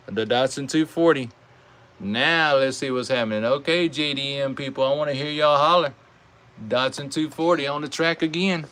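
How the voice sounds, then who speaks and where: A man with a Southern American accent calls toy car races live, folksy and animated. His voice sits at an everyday middle pitch, and he talks straight to his viewers like old friends. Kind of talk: live race commentary.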